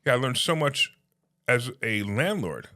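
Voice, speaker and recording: A man telling stories in casual conversation, animated, acting out phone calls in quoted voices. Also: medium pitch, a little slow. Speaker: podcast guest, real estate investor.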